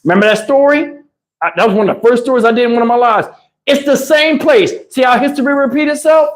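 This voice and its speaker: A man telling a comic story on a livestream in an animated, emphatic, slangy way, with lots of cursing, into a lapel mic. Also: extremely high pitch, fast. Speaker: livestream host. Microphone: wireless lapel mic.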